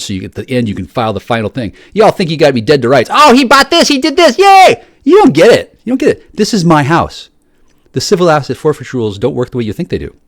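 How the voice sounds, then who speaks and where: A man's voice: mid-range voice, no echo, clean studio sound. A man delivering an angry, profane solo rant, stammering through restarts as he jabs at his listeners.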